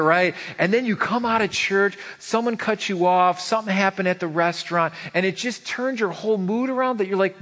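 A man preaching a sermon as pastor, animated and calling out questions to the congregation. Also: sits high, fast, hardly any pauses. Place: church sanctuary. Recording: reverberant church hall.

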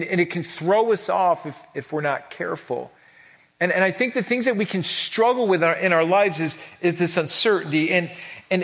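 A man's voice: a little high, fairly bright tone. A male pastor preaching a casual, conversational sermon, chatty and full of restarts and acted-out asides. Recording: long hall reverb.

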